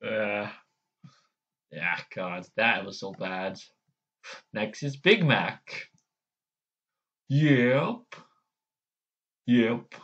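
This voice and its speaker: A man's voice: deep voice, lively intonation, very slow, long pauses, sharp tone, lo-fi sound. A man hosting a casual vlog, hesitant and self-deprecating as he tries out character voices. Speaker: channel host.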